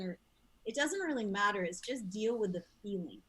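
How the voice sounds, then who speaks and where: A woman's voice: medium pitch, brisk, poor audio. A woman hosting a casual discussion, talking in an earnest, reflective way with many fillers.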